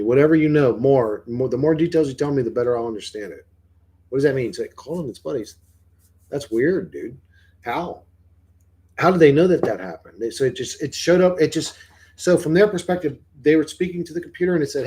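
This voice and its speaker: A man with a husky, dark-toned voice chats casually on a livestream. He rambles, swears a lot and keeps asking his viewers questions. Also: mid-range voice, animated, normal speed.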